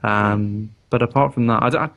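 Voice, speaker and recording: A man's voice: medium pitch, fairly even intonation, normal speed, a bit bright. A man from the Midlands, chatting on a gaming podcast in a hesitant way, restarting his sentences often. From English West Midlands. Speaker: podcast co-host. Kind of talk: casual gaming chat.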